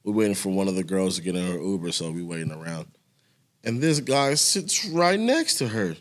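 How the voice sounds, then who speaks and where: A man's voice: deep voice, moderate pace. A man who works nightlife security, guesting on a casual podcast and telling stories with acted-out quotes. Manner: expressive storytelling with acted-out quotes.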